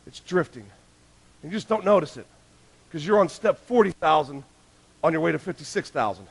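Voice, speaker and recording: A male pastor preaching a sermon, emphatic, swinging between loud urgent lines and hushed ones. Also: fairly high pitch, animated, moderate pace, gravelly, pauses often, husky.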